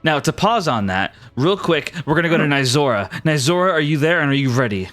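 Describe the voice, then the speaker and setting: A man's voice: on the high side, big pitch swings, fairly quick, a bit bright, faint music behind. Casual man running a tabletop game. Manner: casual, filler-heavy narration. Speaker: game master.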